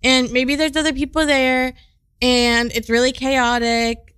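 A woman's voice: sits high, little pitch movement, a little slow, fairly bright tone, clear, resonant tone, no echo, poor audio. A woman co-hosting a casual show, talking in an easygoing, descriptive way. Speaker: podcast co-host. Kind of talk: casual chat.

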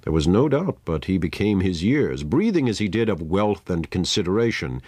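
A man reading a story aloud in a measured, dramatic manner. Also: deep voice, big pitch swings, a little mellow, no room sound. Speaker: narrator. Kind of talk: scripted story narration.

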